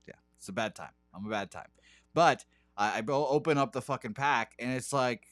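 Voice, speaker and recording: A man's voice: medium pitch, normal speed, a bit bright, dry recording, soft background music. A man co-hosting a podcast, telling a rambling self-deprecating story full of swearing and hesitations. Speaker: podcast co-host. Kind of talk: casual storytelling chat.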